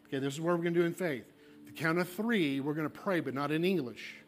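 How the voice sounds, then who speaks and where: A man's voice: fairly high pitch, fast, a little hiss or hum. A man, a pastor, leading an altar call and fervent prayer in a coaxing, repetitive way. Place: church sanctuary.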